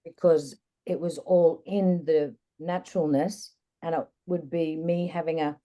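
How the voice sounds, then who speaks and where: A woman guest in an interview, candidly recounting a personal experience in a reflective, lively way. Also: deep voice, unhurried, hardly any pauses. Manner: candid, reflective, animated retelling. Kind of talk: personal storytelling in conversation.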